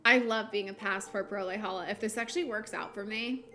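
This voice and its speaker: Her mid-range voice is steady yet pushed and bright, and she talks a little fast over soft background music. The young American woman is streaming a game and chatting casually with viewers, reading chat and laughing often, chatty and giggly with many fillers.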